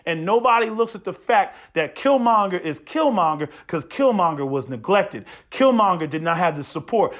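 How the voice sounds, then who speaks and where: A man with a high-pitched voice delivers a preachy, swear-filled monologue. He keeps tripping into stammered restarts before pushing on. The recording sounds dull and lo-fi. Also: a bit bright. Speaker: podcast host. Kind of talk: profane opinion monologue.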